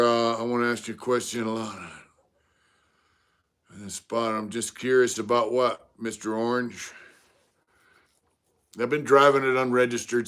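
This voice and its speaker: A man's voice: mid-range voice, a bit bright. A middle-aged man, chatting casually on a live stream and greeting viewers by name between stories.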